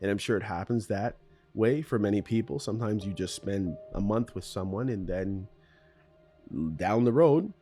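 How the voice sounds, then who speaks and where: A man hosts a solo podcast in his morning voice, rambling and conversational, now and then poking fun at himself. His voice sits on the low side with a dark, mellow tone. Faint music plays underneath. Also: lively intonation, normal speed. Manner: rambling, conversational, self-deprecating. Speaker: podcast host.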